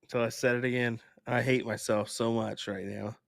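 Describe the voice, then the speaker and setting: A man's voice: mid-range voice, little pitch movement, moderate pace, vocal fry, no room sound. A man co-commentating a darts match live, talking in a laid-back, casual way with dry humor.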